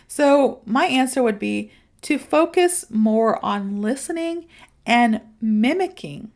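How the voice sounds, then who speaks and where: Chatty woman, fairly high voice. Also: lively intonation, takes it slowly, darkish tone. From United States. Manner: chatty, upbeat, speaks straight to listeners. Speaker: podcast host and English teacher. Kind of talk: casual solo podcast talk.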